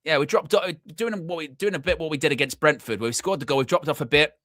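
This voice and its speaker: A young man hosting a live football watchalong, chatty and excitable, shouting when his team scores. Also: fairly high pitch, quick pace, no echo, studio quality. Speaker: fan watchalong host.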